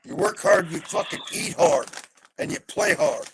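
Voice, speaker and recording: A middle-aged man on a live video call, venting in a heavily profane rant that swings between calm and yelling. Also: on the high side, unhurried, gravelly, noisy background. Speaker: panel guest. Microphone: video call mic.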